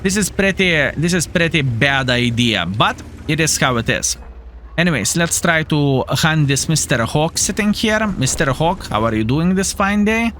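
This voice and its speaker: Young streamer, bright tone, lively playful gameplay commentary. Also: male voice, fairly high pitch, normal speed, a little hiss or hum. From Lithuania. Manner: playful, jokey, addresses viewers as fellas. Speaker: gaming streamer.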